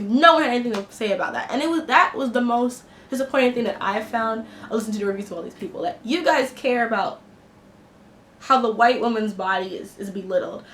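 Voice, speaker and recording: A woman with a fairly high voice delivers a blunt, impassioned film review. She sounds indignant and talks casually. Her voice rings in an echoey room over a faint background hiss. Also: fairly bright tone. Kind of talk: opinionated spoken film review.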